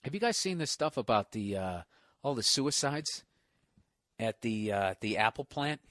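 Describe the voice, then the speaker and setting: A man's voice: medium pitch, sing-song, moderate pace, a bit bright, no echo, clean studio sound. A man hosting a podcast alone, ranting in a profane, exasperated, rambling way. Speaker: podcast host. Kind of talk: solo ranting monologue.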